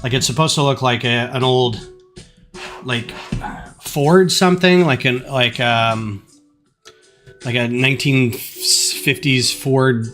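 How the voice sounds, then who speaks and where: Guy rambling on his home livestream, lots of ums, mid-pitched voice, soft music playing. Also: steady tone, takes it slowly. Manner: rambling, chatty, many fillers. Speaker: live stream host building a model kit. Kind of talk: casual live stream chat. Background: faint music.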